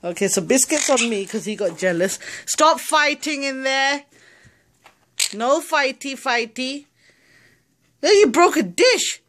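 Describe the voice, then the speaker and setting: A woman's voice: sits high, very animated, a little slow, a bit bright. A woman talking baby talk to her pet parrots at home, cooing and repeating sing-song phrases with frequent laughter. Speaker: pet parrot owner filming her birds.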